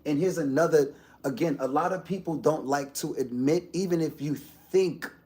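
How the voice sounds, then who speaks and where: A man hosting a casual livestream, rambling to his viewers and swinging from low mumbles to loud outbursts. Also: normal speed. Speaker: livestream host.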